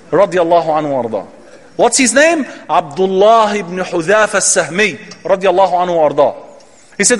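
A man's voice: high-pitched, big pitch swings, measured pace, long pauses. A man giving an Islamic lecture, telling a story dramatically with emphatic quoted dialogue. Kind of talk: sermon storytelling. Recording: long hall reverb.

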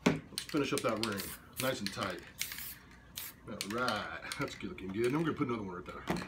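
A man's voice: on the low side, a little fast, very noisy. A man demonstrating abstract painting in his studio, talking in laid-back hipster slang and muttering to himself as he works. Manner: mutters quietly while working.

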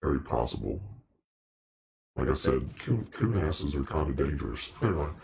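A man's voice: deep voice, expressive, moderate pace, a little mellow, soft background music. A man in a casual live-stream chat with viewers, playful and mock-preachy, laughing often. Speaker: costumed demon-character livestreamer.

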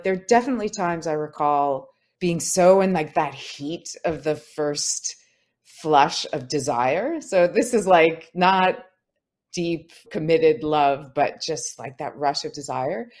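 A woman author appears as a podcast guest, talking reflectively and searchingly in a low, animated but slow voice with a darkish tone. She uses many "like" and "you know" fillers and is tearing up during the conversational interview.

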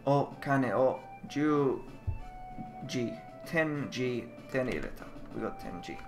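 A young man narrates a game playthrough, translating its Japanese text as he goes. He thinks aloud, trails off and doubts his own guesses, at a middling pitch, with game music playing softly behind him. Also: animated, takes it slowly. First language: English. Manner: muses aloud, trailing off and second-guessing himself. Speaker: let's player.

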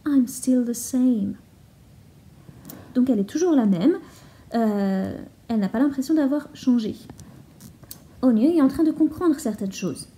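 A woman's voice: on the high side, lively intonation, a little fast, dark tone, rough recording. A woman teacher reading a story aloud and explaining it to learners, switching between two languages. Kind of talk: bilingual story reading lesson.

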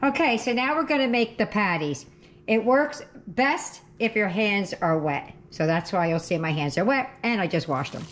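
A cooking channel host chats casually in her kitchen, correcting herself as she cooks to the sound of frying and sizzling. Her medium-pitched voice is animated and moves at a normal speed.

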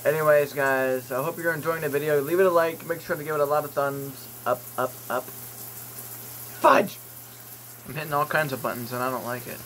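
Male vlogger, slightly higher pitch, bright forceful tone, joking, rambling, swears casually. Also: steady tone, fast talker, hardly any pauses, slight background noise, low-quality recording. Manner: rambling, jokey, swears, reads product listings aloud with asides. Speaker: YouTube vlogger. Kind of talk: casual vlog commentary while browsing online.

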